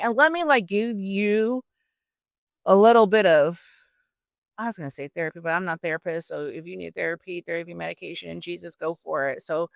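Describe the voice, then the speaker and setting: A woman's voice: on the low side, a bit bright, no room sound. A woman podcast host retelling a story casually, with a faith angle and chatty, slangy asides.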